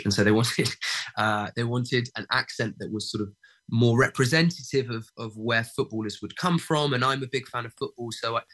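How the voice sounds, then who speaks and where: A young actor, a guest in a casual interview, pausing often with fillers and restarts as he thinks aloud. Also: medium pitch, bright, forceful tone, rough recording. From England. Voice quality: many fillers and restarts, thoughtful.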